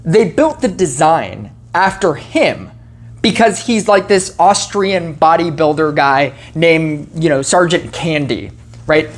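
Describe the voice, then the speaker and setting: A woman's voice: low voice, expressive, slow pace. A woman giving a casual spoken film review, rambling with lots of "like" and "you know" and frequent self-corrections.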